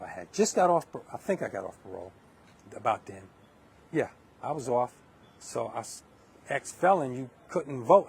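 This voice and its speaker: A man's voice: mid-range voice, breathy edge. Emphatic middle-aged New man. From Hempstead, Long Island, New York. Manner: emphatic, preachy, restarts a lot. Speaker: livestream host. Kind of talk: live political monologue.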